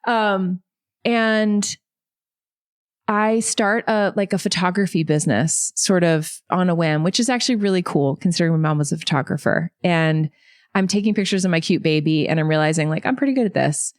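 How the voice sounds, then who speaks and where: Woman, 30s, podcast guest, low voice, dry close sound, animated storytelling. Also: no room sound. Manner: animated, quick storytelling with many likes and you knows. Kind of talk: storytelling in an interview.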